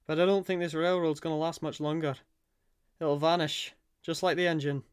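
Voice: mid-range voice, fairly even intonation, normal speed, clear, resonant tone, lightly acted. A voice actor playing a cheerful, laid-back, small magical surfer man who chats casually and calls people cuz. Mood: easygoing. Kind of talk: fan voice acting.

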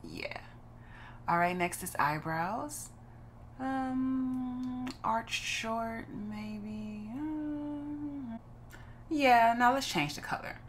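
A woman's voice: fairly high pitch, drawn-out words, long pauses, slight background noise. A woman from Los Angeles hosting a gaming channel, giving casual, chatty gameplay commentary and musing aloud while she chooses.

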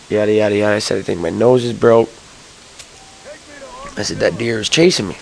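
A young man telling a rambling story to camera, early in the morning, swearing and jumping to high yelps when he gets excited. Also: a little fast, gravelly, pauses often, a little hiss or hum, low-quality recording. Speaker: vlogger.

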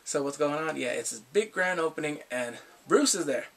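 A man's voice: a little high, lively intonation, normal speed, gravelly, a bit bright, far from the mic. A man casually recapping and reviewing a TV episode, laughing often and acting out characters' lines.

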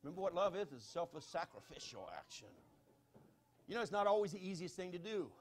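A middle-aged man with a Southern US accent, preaching a sermon as pastor. He moves between quiet pleading and loud, fervent exhortation. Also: sits high, sing-song, fast talker, a little hiss or hum. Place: church sanctuary.

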